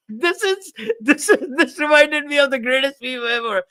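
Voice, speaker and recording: A man's voice: very high-pitched, lively intonation, normal speed, sharp tone. A man co-hosting a podcast in casual chat, often laughing through his words. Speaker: podcast co-host.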